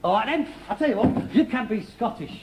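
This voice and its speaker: A mocking, dreamy son. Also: male voice, high-pitched, lively intonation, brisk. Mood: wheedling. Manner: wheedling, mocking and daydreaming. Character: ambitious, scornful working-class son, middle-aged. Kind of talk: 1960s-70s TV sitcom acting. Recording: faintly hissy archive TV recording, far laughter.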